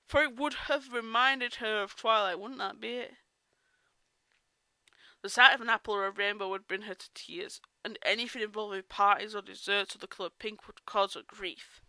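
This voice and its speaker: A woman's voice: mid-range voice, fairly even intonation, moderate pace, sharp tone, no echo. A woman reading a story aloud in a casual way, breaking off for chatty asides and correcting herself. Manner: chatty asides, self-interrupting. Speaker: reader of fan fiction.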